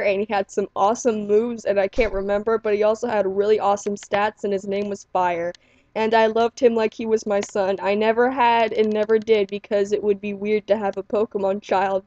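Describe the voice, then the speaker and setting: A woman rambles through a made-up scary story in her living room, stringing sentences together with "and". Her voice is mellow and dark, and the recording is dry, dull and lo-fi. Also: medium pitch, dry recording.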